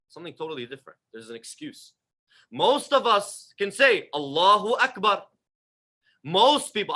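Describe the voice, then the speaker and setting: A man with a fairly high, bright, forceful voice gives a livestreamed religious talk. He speaks in a conversational, emphatic way, repeating phrases for stress. His voice often drops and trails off softly at the end of a phrase. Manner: conversational, asks the audience questions. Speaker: religious lecturer.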